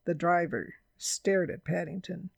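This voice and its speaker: Gravelly woman reading a storybook. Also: fairly low pitch, fairly even intonation, a little slow, dry recording.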